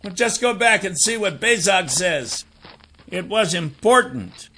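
A man's voice: lively intonation, measured pace, sharp tone, slight background noise, heavily acted. Man putting on a whiny, naive young sidekick. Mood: eager. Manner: pleading, apologetic, high and strained.

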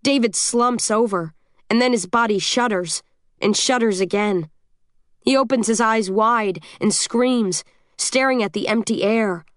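A woman narrates a first-person audiobook in a steady, measured voice with a tense edge. The sound is dry and close, with no room around it. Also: a little high, no echo.

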